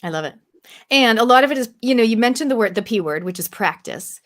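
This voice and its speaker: A woman's voice: a little high, animated, fast talker. A woman hosting a video call chat, talking in a chatty way and telling stories with quoted asides. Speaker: host. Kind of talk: casual chat on a live stream.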